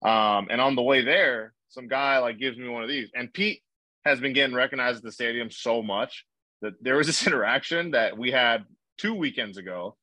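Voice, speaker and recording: A man's voice: medium pitch, normal speed, pushed and bright, dry recording, rough recording. A young man hosting a casual podcast, telling rambling stories with lots of fillers and swearing. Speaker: podcast host. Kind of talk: casual chat.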